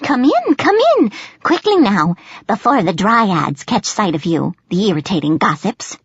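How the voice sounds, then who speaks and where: A woman voicing a tiny, suspicious male tree sprite with a rough, squeaky voice. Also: sing-song, normal speed, fairly bright tone, no room sound, highs cut off, heavily acted. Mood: hurried.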